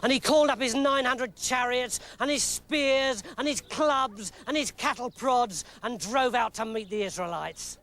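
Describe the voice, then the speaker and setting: An English man telling a comic story in a lively, mock-dramatic narrating voice. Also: very high-pitched, unhurried, hardly any pauses.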